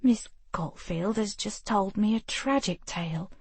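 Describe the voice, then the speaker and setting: A woman voicing a lively young Scottish noblewoman with a coaxing, playful manner, reading an audiobook. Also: mid-range voice, unhurried, husky.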